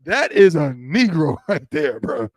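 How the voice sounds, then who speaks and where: A man with a fairly high voice trades casual banter on a podcast and laughs a lot. His teasing, animated delivery sits close to the mic in a dry room. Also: measured pace, dry recording. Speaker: podcast co-host.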